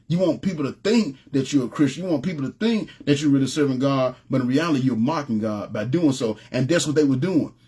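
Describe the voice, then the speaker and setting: Man, preacher, fairly high voice, informal slangy sermon, conversational storytelling. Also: darkish tone, slightly rough. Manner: informal, streetwise, repeats "you know what I'm saying".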